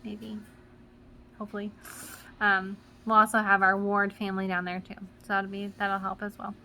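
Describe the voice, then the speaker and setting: A woman's voice: medium pitch, flat delivery, moderate pace, sharp tone, slight background noise. A young mother vlogging casually, rambling with many fillers, emotional and close to tears. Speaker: vlogger mom. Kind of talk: casual vlog talk.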